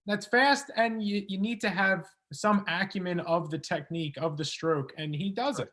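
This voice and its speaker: A man co-hosting an interview show, enthusiastic and chatty, talking in quick bursts. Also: sits high, sharp tone. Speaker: podcast co-host.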